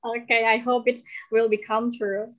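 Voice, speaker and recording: A young woman student speaks politely and formally on a webinar video call. Her voice is fairly high with a flat delivery. The audio is dull and distant. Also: normal speed. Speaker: student participant.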